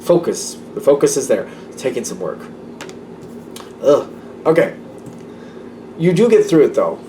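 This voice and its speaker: A man's voice: mid-range voice, very animated, a little slow, recorded from a distance, noisy background. Chatty man reading tarot cards. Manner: chatty, repetitive, laughs between lines. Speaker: tarot reader. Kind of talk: casual tarot reading to camera.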